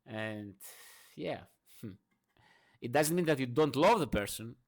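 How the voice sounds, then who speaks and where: A man with a mid-pitched voice delivers an unscripted morning rant in non-native English. He is emphatic and profane, jumping between loud bursts and quiet mutters, with many fillers and restarts. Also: lively intonation, a little slow. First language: not English. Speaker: vlogger.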